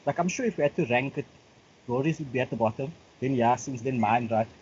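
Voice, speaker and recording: A man's voice: mid-range voice, fast, darkish tone, muffled recording, slight background noise. A comedian guest bantering on a live stream, teasing the host and repeating his punchlines.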